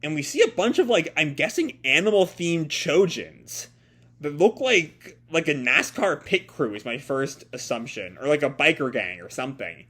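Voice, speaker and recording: A man reading a comic aloud and reacting to it in casual, rambling chat full of fillers and laughs. His voice is slightly high and very animated in pitch. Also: normal speed, husky. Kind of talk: casual live reading and commentary.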